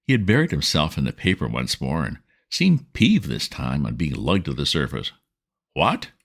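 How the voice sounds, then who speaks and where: Deep-voiced man reading a classic. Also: very animated, moderate pace. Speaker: narrator. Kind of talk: audiobook reading.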